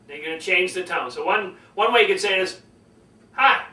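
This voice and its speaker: A man coaching public speaking in a lively lesson, demonstrating different tones of voice as he explains. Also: high voice, quick pace, roomy sound, distant mic, rough recording. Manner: animated, demonstrates tones by acting them out.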